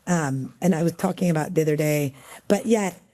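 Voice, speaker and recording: A middle-aged woman from El Paso talks as an interview guest, her voice low-pitched and mellow. She tells stories in a loose, chatty way with lots of fillers. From El Paso, Texas. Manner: chatty, many fillers, quick storytelling. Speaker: guest, magazine editor. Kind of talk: casual interview conversation.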